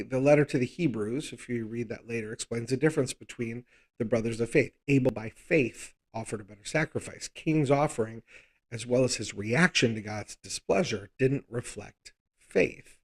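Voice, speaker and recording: A man's voice: mid-range voice, moderate pace. Conversational man teaching Bible study. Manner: conversational, thinks aloud, frequent rhetorical "right?".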